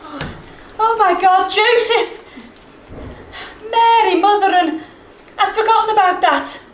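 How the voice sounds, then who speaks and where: A respectable Liverpool mother frets and gets scandalised at every turn, as an actress plays her. Her voice is high, and it is heard from some distance on a stage that rings with echo. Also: takes it slowly, slight background noise. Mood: flustered. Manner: flustered, scandalised. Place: theatre stage. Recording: roomy stage sound from far off, faint ambience.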